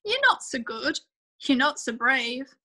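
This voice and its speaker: A woman's voice: sits high, very animated, slow pace, sharp tone, exaggerated voice. A woman voicing a mean, belittling little female cow in a storybook reading, with scornful taunts. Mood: taunting.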